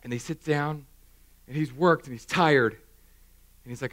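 A man in his thirties preaching a sermon in a church, animated and self-mocking, acting out little scenes. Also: fairly high pitch, a little slow, long pauses. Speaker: pastor. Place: church hall.

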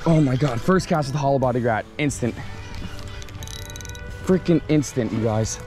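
Young man, fishing vlogger, excitable, outdoors by a canal, action camera, faint music behind. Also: medium pitch, moderate pace. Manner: excitable, exclaims often, talks to the camera.

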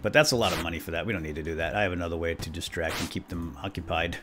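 A man's voice: sits low, very fast, hardly any pauses, a bit bright, faint music behind. A man chatting his way through a video game as a let's play host, talking to himself and chuckling often. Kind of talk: gameplay commentary.

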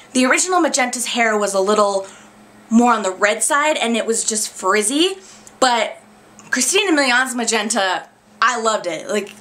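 A woman's voice: a little high, a bit bright. A young woman reviewing in a casual, gushing, chatty way as a video host. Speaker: YouTube reviewer. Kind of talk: casual chat.

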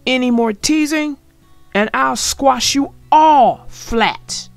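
A woman voicing a sly, grumbling male diesel engine in a storybook, with a low purring manner. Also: sing-song, a little slow, dry recording, faint music behind, full character voice. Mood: angry growl. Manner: low purring voice, growls when angry.

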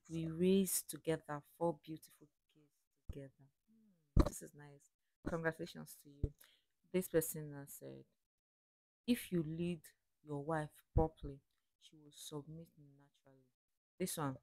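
Low-voiced woman reading comments aloud. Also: vocal fry, a little mellow, no room sound. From Africa. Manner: chatty, reflective, reads quotes slowly then comments. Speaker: reaction video host.

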